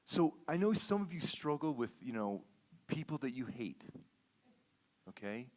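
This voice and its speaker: A man's voice: medium pitch, very animated, measured pace. A man giving a sermon as a guest speaker, telling a personal story in a conversational way, repeating words and often checking in with "okay?". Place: church sanctuary.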